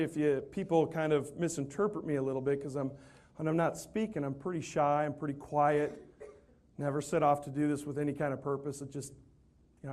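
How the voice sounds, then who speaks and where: A man with a slightly higher voice tells a funny story in a speech. He is animated and pokes fun at himself, and he jumps into the voices of the people he describes. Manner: animated, self-deprecating, acts out the people in his story. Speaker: motivational speaker.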